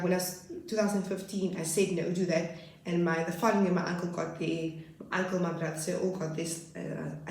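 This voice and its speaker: A young woman tells her own story to the camera, earnest and rambling, often stopping to correct herself. Her voice sits a little low. The room around her is strongly echoey. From South Africa. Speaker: vlogger. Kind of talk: casual personal storytelling.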